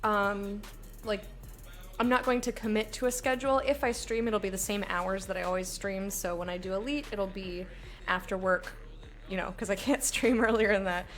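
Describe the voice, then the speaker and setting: Woman, streamer, casual chat, bubbly then candid, mid pitch, faint music behind. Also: fairly even intonation, normal speed, a bit bright. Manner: bubbly greetings, then candid and low-key.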